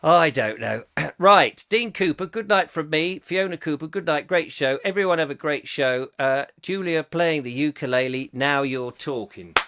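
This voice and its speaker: A bright-voiced man from southern England hosts a live comic chat show and reads out viewer comments. He rambles and giggles and pokes fun at himself, in a high register. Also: normal speed. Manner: giggly, rambling and self-mocking. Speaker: host.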